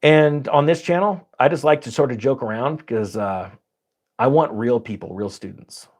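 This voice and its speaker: A man hosting a finance channel, giving casual, sarcastic commentary over charts with big jumps in pitch for emphasis. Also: normal speed, darkish tone.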